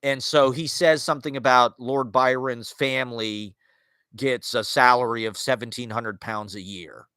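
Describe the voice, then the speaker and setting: Bright, rambling man musing aloud. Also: medium pitch, steady tone, moderate pace, clean tone, no echo. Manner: rambling, filler-heavy, restarts, wry asides. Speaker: podcast host. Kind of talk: casual monologue on literature and culture.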